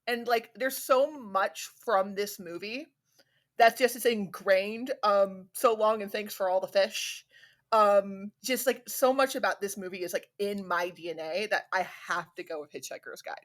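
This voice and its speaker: A woman's voice: medium pitch, unhurried. A woman guesting on a podcast in casual chat, talking loosely with fillers and little laughs. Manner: chatty, laughs between phrases, lots of fillers.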